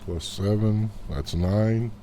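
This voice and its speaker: Low-voiced man running a tabletop game. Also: slow, warm tone, a little hiss or hum. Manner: vivid combat narration, casual rules talk. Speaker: game master.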